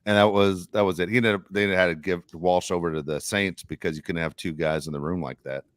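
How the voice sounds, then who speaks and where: A middle-aged man co-hosting a sports podcast, telling animated stories and acting out quotes. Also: deep voice, a little fast, dry recording, studio quality. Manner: animated storyteller, acts out quotes. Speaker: podcast co-host. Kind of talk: casual sports chat.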